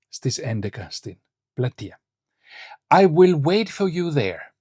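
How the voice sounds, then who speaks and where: A man teaching a beginner Greek lesson online, saying model phrases clearly and slowly and setting short quizzes. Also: on the high side, big pitch swings, mellow, no room sound. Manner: clear, slow model phrases with quiz prompts.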